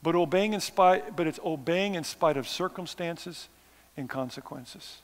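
A man's voice: a little high, unhurried, big-room sound. A man preaching a missions sermon, conversational and self-deprecating, with sarcastic asides. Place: church sanctuary.

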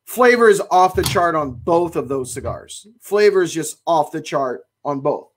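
A man's voice: on the high side, expressive, moderate pace, a little hiss or hum. A man hosting a cigar shop livestream, chatting casually and enthusiastically as he reads viewer comments. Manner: chatty and enthusiastic, exclaims often.

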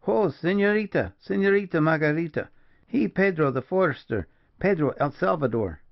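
A man reading the part of an old male shepherd who shouts eagerly to those at the gate. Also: on the high side, expressive, moderate pace, no room sound, lo-fi sound, voice pushed up. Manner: shouting, hailing.

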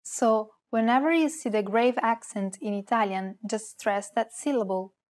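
A woman's voice: fairly high pitch, normal speed, darkish tone. A woman co-hosting a language lesson, carefully reading out example words in a scripted narration. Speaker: co-host giving example words.

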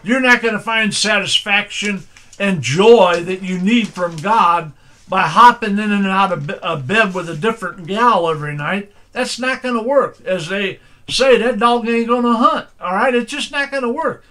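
Older man, pastor, folksy sermon, high voice, bright tone, chatty asides. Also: normal speed. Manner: folksy storytelling preaching, says "all right?" often.

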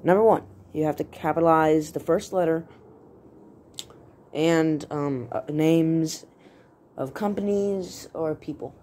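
A woman's voice: low voice, takes it slowly, long pauses, dark tone, slight background noise. A woman hosting a casual writing tutorial video, talking in a rambling, playful way and often correcting herself mid-word.

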